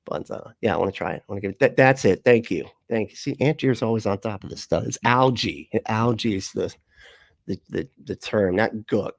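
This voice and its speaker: A man's voice: on the low side, fairly quick, vocal fry, no room sound, clean studio sound. A man hosting a casual livestream, talking loosely and mockingly, often laughing and swearing as he reacts to clips. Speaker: livestream host.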